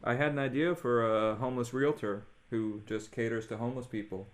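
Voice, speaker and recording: A man's voice: medium pitch, brisk. A man chatting as a podcast guest, dropping short dry quips. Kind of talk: casual comedic chat.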